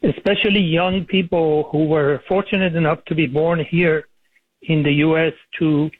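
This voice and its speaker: Caller on a tinny phone line. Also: male voice, on the high side, steady tone, no echo. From Iran. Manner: earnest, argumentative, with frequent uh pauses. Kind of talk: phone call to talk radio.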